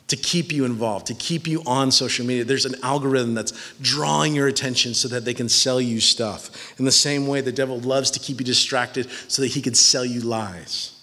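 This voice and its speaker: A man's voice: medium pitch, fairly bright tone. A man in his twenties preaching a sermon in a church hall, conversational and jokey. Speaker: pastor. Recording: long reverb of a large hall.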